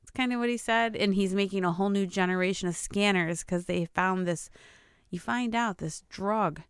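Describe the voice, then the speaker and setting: A woman's voice: mid-range voice, moderate pace, clean tone, no echo, studio quality. A woman co-hosting a casual chat about a movie, chatty and teasing with many fillers. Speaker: podcast co-host.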